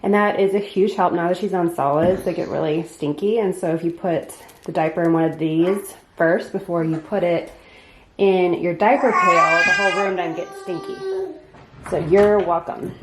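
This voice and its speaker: A woman's voice: lowish voice, a little slow, echoey room, noisy background. A young woman chatting casually as a mom vlogger, upbeat and full of fillers like "um" and "like". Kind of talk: casual home vlog narration. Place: home nursery and kitchen.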